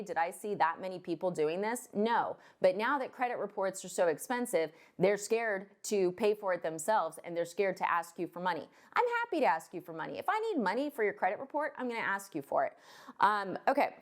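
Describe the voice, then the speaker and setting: A woman loan officer ranting to camera in a vlog, blunt and fired up, swearing now and then. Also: mid-range voice.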